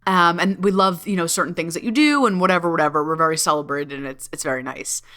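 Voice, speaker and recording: Bright, giggly woman podcast host. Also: fairly low pitch, fast talker. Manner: bubbly, giggly, swears freely, many fillers. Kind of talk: casual solo podcast talk.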